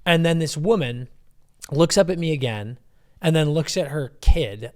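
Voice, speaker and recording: A young man co-hosting a podcast, telling a story in an animated, casual way and swearing freely. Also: a little high, normal speed. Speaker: podcast co-host. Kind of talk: casual chat.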